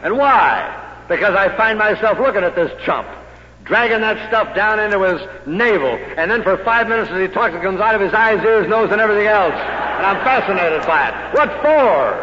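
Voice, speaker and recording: A man's voice: high-pitched, lively intonation, brisk, pushed and bright, a little hiss or hum. Male speaker, motivational sales talk, punchy rhetorical style; long hall reverb, muffled vintage recording. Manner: punchy storytelling with rhetorical questions. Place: meeting hall with audience. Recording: echoey hall on dull old recording.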